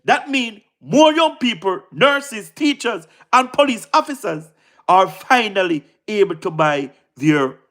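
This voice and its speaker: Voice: mid-range voice, a bit bright. A speaker with a Jamaican accent delivering a casual political monologue, fervent and repetitive, mixing patois with standard English and checking in with the listener again and again. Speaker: political commentator.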